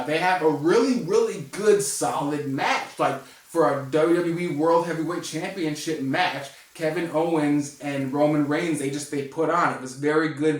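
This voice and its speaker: A man giving a casual spoken wrestling review, rambling and excitable with many restarts and fillers. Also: a little high, roomy sound.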